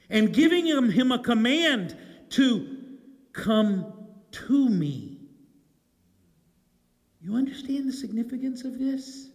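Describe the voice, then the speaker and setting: High-voiced preacher in an echoing hall. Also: male voice. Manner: animated storytelling, swings from loud to hushed. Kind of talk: sermon. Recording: long hall reverb.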